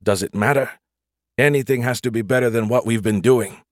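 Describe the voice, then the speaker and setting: A man's voice: mid-range voice, fairly quick, no room sound, clean studio sound, close to an everyday voice. A man playing a senior colonel giving terse, matter-of-fact orders aboard a ship. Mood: terse command. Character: gruff male senior colonel commanding a ship.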